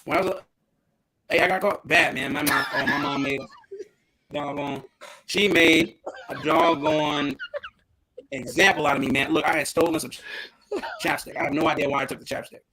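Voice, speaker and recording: A man's voice: a little high, wildly swooping pitch, normal speed, long pauses, a crowd in the background, rough recording. A man co-hosting a casual porch podcast, animatedly telling a childhood story and acting out the quotes. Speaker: podcast co-host.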